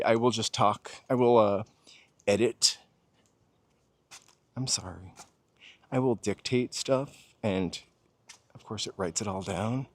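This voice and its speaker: A man with a General American accent, hosting a walking livestream outdoors on a city street and chatting casually while answering his viewers' comments. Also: medium pitch. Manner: chatty, musing aloud, answering viewers' chat. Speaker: walking tour livestream host.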